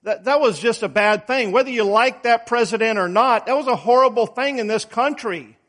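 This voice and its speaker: High-voiced man preaching a folksy sermon. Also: normal speed, fairly bright tone. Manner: folksy storytelling, emphatic rises.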